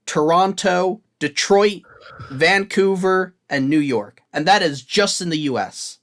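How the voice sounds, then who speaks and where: A man's voice: high-pitched, unhurried, fairly bright tone. A man co-hosting a podcast, chatting casually and rambling through a long list he is looking up. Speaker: podcast co-host. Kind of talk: casual chat.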